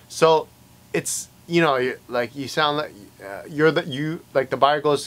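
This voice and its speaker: A realtor with a somewhat high, slightly bright voice explains agency rules to camera at a measured pace. His casual, conversational delivery is full of fillers, and he acts out exchanges with clients.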